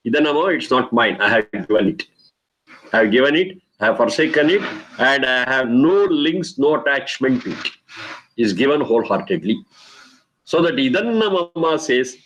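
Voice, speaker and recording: A man's voice: fairly high pitch, fairly bright tone, rough recording. A middle-aged man, teaching a lecture on Vedic mantras, explaining patiently and repeating key phrases.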